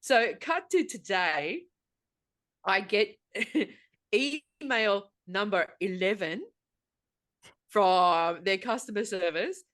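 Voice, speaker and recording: An Australian woman of middling pitch tells a story on a chatty podcast. She sounds exasperated and swears freely as she goes. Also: lively intonation, takes it slowly, a bit bright. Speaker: podcast host. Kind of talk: casual chat, storytelling.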